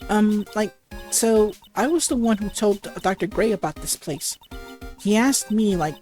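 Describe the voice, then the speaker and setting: A woman voicing a ditzy young valley-girl woman, halting and stuttering through her lines full of fillers. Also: mid-range voice, warm tone, faint music behind, natural voice. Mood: airheaded. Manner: halting reading with stutters and restarts.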